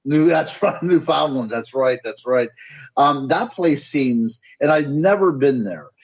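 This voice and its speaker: A man's voice: mid-range voice, animated, a little slow, slightly rough, dry recording, dull audio. A man from the United States, a guest on a radio interview, musing and speculating as he searches for words. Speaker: guest author and paranormal researcher.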